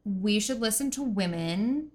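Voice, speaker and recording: A woman's voice: mid-range voice, expressive, a little slow, darkish tone. A woman co-hosting a comedy podcast with dry, sardonic timing. She delivers her jabs in an easy, level speaking voice. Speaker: podcast co-host.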